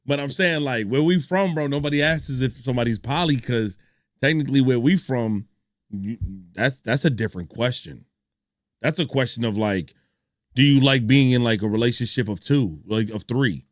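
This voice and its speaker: A man's voice: mid-range voice, normal speed, dry recording. A young man streams his reaction in loose, slangy talk, full of asides and laughter. His voice sits in a middle range and sounds dry and close to the mic. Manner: animated storytelling, slangy, laughs a lot. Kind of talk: casual reaction stream chat.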